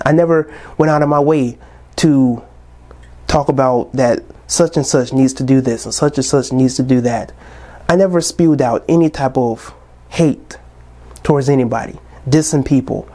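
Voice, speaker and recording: Impassioned young man, mellow voice. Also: medium pitch, moderate pace. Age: 20s. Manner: impassioned, preachy ranting. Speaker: podcast host. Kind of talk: casual podcast monologue.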